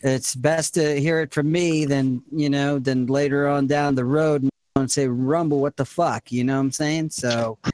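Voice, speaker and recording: A man's voice: mid-range voice, steady tone, measured pace, hardly any pauses, darkish tone, smooth, dry recording. A man leading a gaming community voice-chat meeting, rambling and profane, padding his talk with "and stuff.".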